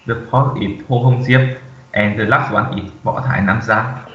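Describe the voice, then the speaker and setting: A young man giving a class presentation, reading haltingly from slides with many fillers. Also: mid-range voice, steady tone. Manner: halting, reads aloud with frequent "uh" fillers. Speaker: student presenter. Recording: echoey room, distant dull mic.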